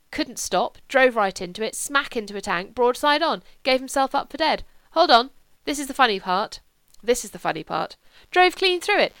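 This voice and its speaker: A woman reading an audiobook, voicing a boastful middle-aged male politician who rants in loud, emphatic bursts. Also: fairly high pitch, clear, resonant tone, no room sound. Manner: loud, emphatic, rapid-fire ranting.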